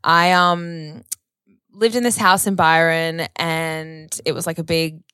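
A woman's voice: deep voice, fairly even intonation, slow pace, bright, forceful tone, smooth, no echo, clean studio sound. A woman, telling a long story in casual chat, rambling with lots of "like" and casual swearing.

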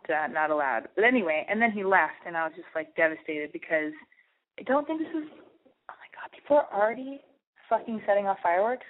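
A young woman talks straight to her listeners in a loose, rambling confession, swearing freely and poking fun at herself. She breaks into bursts of animated voices when she replays her own past thoughts. The sound is narrow and tinny, like a phone line. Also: lowish voice. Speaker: radio show host. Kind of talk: candid personal monologue. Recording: tinny phone-like radio audio.

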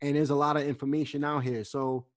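A man's voice: fairly high pitch, level tone, fast. Earnest man hosting a podcast. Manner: earnest, encouraging, many fillers. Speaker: podcast host. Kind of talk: casual podcast interview.

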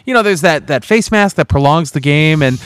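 Animated man teasing in sports chat. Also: on the high side, normal speed, clean tone, dry recording. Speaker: podcast co-host.

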